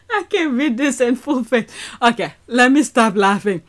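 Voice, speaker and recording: A woman's voice: on the high side, lively intonation, moderate pace. A woman reacting to a video clip in casual commentary, breaking into laughter again and again. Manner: keeps breaking into helpless laughter.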